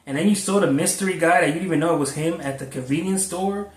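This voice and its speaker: In a casual storytelling vlog from Florida, a man who drives food deliveries rambles conversationally and curses often. His voice sits on the high side and moves quickly, recorded far from the mic with an echoey sound.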